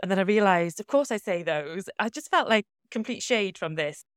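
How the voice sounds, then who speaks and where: A woman's voice: mid-range voice, expressive, moderate pace, smooth, dry recording, studio quality. A British woman co-hosting a podcast, chatting casually and laughing often at herself. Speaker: podcast co-host. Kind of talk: casual chat.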